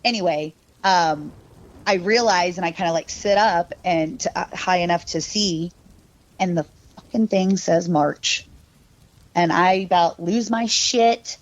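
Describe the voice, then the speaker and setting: A woman's voice: lowish voice, unhurried. A woman casually telling a personal ghost story on a podcast, rambling with lots of fillers and quoting people in changed voices. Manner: rambling, filler-heavy, laughing; mimics her younger self and cousin in quoted lines. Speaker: podcast guest. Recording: dull, lo-fi, dry sound.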